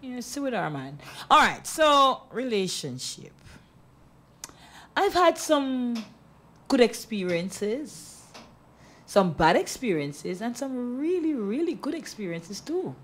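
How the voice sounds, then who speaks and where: A woman's voice: fairly high pitch, sing-song, slow pace, a bit bright. A woman co-hosting a radio talk show, bantering and teasing in a Patois-flavored casual chat. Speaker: radio co-host.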